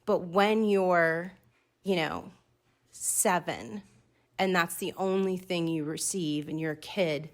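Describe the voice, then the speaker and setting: A woman hosting her own podcast, talking to listeners in a chatty, excitable, self-deprecating way. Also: fairly low pitch, takes it slowly. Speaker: podcast host. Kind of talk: casual solo podcast talk.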